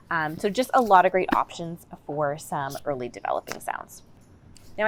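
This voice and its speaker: A woman's voice: low-pitched, fairly bright tone. A woman speech and language assistant, explaining practice tips in a conversational way. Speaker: communicative disorders assistant.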